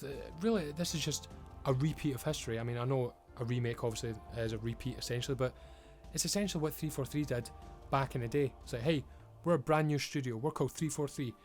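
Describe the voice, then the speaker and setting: A man's voice: mid-range voice, a little mellow. A man giving an emphatic, frustrated rant as a video creator, swearing often. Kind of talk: ranting commentary.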